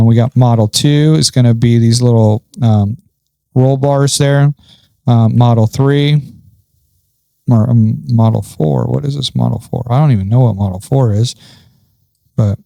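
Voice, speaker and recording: A man's voice: mid-range voice, steady tone, unhurried, vocal fry, pauses often, mellow, no room sound. A man talking casually through a farming game setup, thinking aloud with frequent ums. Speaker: gaming channel host. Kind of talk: casual gameplay commentary.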